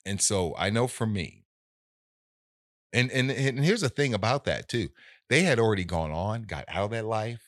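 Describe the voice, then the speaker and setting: A man in casual conversation, telling a story in an animated way and acting out the voices of people in it. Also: lowish voice, normal speed, no room sound, studio quality.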